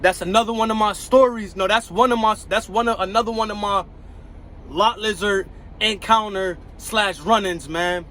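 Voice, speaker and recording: A man's voice: high-pitched, fairly even intonation, normal speed, a bit bright, a little hiss or hum, poor audio. A man, a truck driver, telling a story to his viewers in casual slang, repeating phrases and speaking straight to them.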